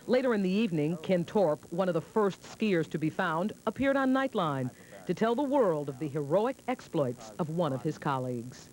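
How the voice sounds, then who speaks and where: A woman news anchor reading the evening news in a crisp, measured way. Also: fairly low pitch, sing-song, darkish tone.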